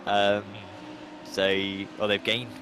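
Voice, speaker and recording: A man's voice: lowish voice, level tone, takes it slowly, background noise. A man commentating on a sim race, talking in a rambling, hesitant way with lots of fillers and restarts.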